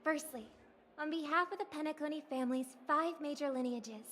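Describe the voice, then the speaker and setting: A gracious high-voiced festival host. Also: female voice, a bit bright, a little hiss or hum. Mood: ceremonious. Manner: ceremonious, measured address. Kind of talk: game voice acting.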